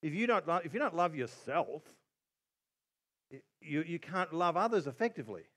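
Male pastor, animated sermon delivery, lively and fairly high-pitched. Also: normal speed. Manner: animated preaching with acted-out quotes.

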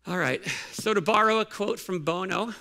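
Gravelly high-voiced pastor preaching. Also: male voice, moderate pace, bright, forceful tone. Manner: conversational, asks many questions with fillers and restarts. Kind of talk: sermon.

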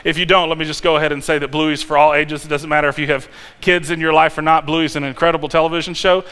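High, bright-voiced preacher man in a hall. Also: fast talker, clear, resonant tone. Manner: animated, conversational preaching with restarts and sudden loud peaks. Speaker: pastor. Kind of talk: sermon. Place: church sanctuary. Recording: long hall reverb.

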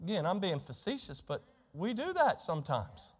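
A man's voice: sits high, big pitch swings, moderate pace. A man preaching a sermon as pastor, emphatic, reading scripture aloud in a church. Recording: long hall reverb.

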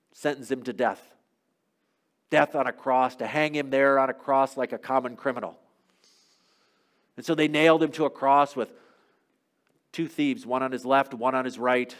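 A man preaching a sermon as a first-person dramatic monologue, telling the story and swinging from loud to hushed. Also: mid-range voice.

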